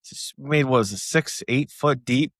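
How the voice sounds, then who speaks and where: A man in his thirties co-hosting a casual parenting podcast, telling relaxed stories. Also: mid-range voice, moderate pace, no echo, studio quality. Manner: relaxed storytelling, animated quotes. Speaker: podcast co-host. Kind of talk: casual chat.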